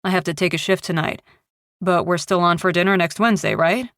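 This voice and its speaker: A curt, annoyed ex-husband. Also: female voice, fairly low pitch, fairly even intonation, fairly quick, fairly bright tone, dry recording, clean studio sound. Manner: curt, insistent. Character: gruff middle-aged man, annoyed ex-husband, controlling. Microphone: close studio mic.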